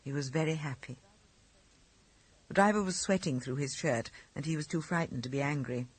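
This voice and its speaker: A man narrating an audiobook of short stories with a lively, expressive reading. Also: on the high side, normal speed, husky. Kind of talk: scripted narration.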